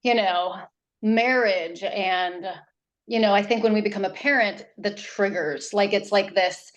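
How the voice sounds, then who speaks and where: A woman from New Hampshire, a parenting coach, talking in an interview in an animated, rambling way with many restarts. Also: medium pitch, unhurried, lo-fi sound. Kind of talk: casual interview talk.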